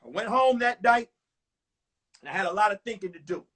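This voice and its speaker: A young comedian tells his story with punchy, profane energy. His voice is husky, breathy, and sits high for a man. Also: lively intonation, brisk, fairly bright tone. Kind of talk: one-man stand-up storytelling on a live stream.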